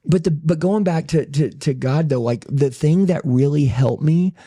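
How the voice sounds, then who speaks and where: A man's voice: a little high, moderate pace, dark tone. A man talking intensely and emphatically in a casual podcast conversation, sharing his story as a business owner. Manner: intense, emphatic, says "dude" a lot.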